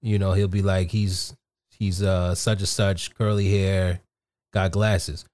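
A man's voice: deep voice, flat delivery, slow, darkish tone, dry recording. A man co-hosting a casual podcast, telling loose, profane, joking stories about his kids. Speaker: podcast co-host, father.

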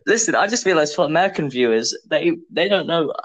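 A man's voice: fairly high pitch, animated, fast, low-quality recording. A young man, co-hosting a casual podcast chat, joking and hesitant, full of fillers and restarts. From England. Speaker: podcast co-host.

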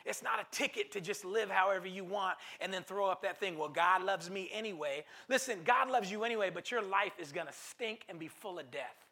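Male pastor, high bright voice with gravel, emphatic sermon with repeated lines and calls to the crowd. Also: a little fast, few pauses. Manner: emphatic, repeats phrases for stress; calls to the congregation.

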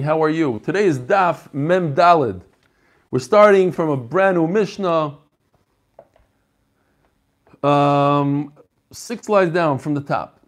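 A man teaching a religious text class in a casual, joking way, reading listener emails aloud between lessons. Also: a little high. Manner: chatty, joking, reads messages aloud. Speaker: rabbi teaching a Talmud class.

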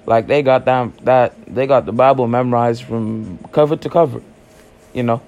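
Brief: late-teens male podcaster, loose joking monologue full of slang, mid-range pitch. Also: normal speed, darkish tone, dull audio. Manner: rambling, joking, heavy slang and cussing. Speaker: podcast host. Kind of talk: casual solo podcast monologue.

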